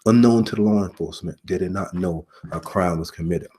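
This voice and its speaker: A middle-aged man with a low, husky voice delivers a sermon-style message. He speaks earnestly, repeats his key phrases and pauses between them. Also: mellow. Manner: earnest, repetitive preaching with pauses. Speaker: preacher, former police officer.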